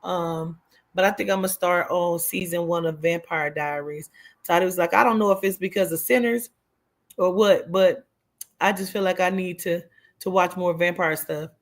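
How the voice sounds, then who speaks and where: A woman's voice: on the low side, steady tone, moderate pace. A woman hosting her own live stream, talking casually and drifting from one thought to the next. She swears freely and answers her viewers' chat comments as they come in. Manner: chatty and rambling, with frequent swearing and "child" asides. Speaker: livestream host.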